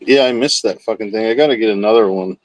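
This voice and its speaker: A man's voice: lowish voice, fast talker, dry recording, rough recording. Laid-back man swearing casually on a livestream. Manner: rambling, profane, laid-back storytelling. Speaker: livestream host. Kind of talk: casual chat with live chat.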